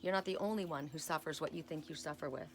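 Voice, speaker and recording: A woman's voice: deep voice, quick pace, slight background noise. A woman giving a casual spiritual oracle card reading, chatty and rambling with personal asides, often tagging her points with "right?".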